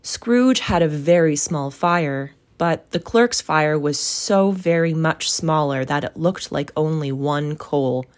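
Slow, low-voiced woman reading a story. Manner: measured, even, careful phrasing. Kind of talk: reading a classic novel aloud.

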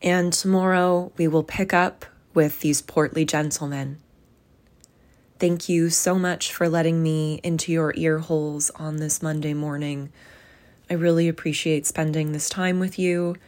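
Brief: woman narrator, slow, expressive storybook reading, slightly low. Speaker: audiobook narrator.

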